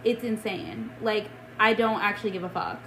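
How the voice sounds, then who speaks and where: A woman's voice: medium pitch, steady tone, normal speed, echoey room. A young woman co-hosting a casual podcast, talking bluntly and heatedly and swearing often. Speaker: podcast co-host. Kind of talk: casual chat. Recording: faint background noise.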